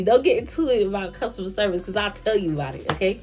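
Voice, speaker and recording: A young woman vlogger telling a casual storytime rant, acting out both sides of an argument in an animated way. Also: mid-range voice, fast talker, few pauses, faint music behind.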